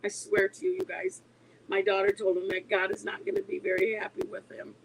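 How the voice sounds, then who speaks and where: A woman in her forties, a mother, telling a story to her online viewers in a casual, animated way. She is emphatic and laughs often as she talks. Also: medium pitch, fairly quick, vocal fry, a little hiss or hum, low-quality recording. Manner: animated and emphatic, insisting she is not lying.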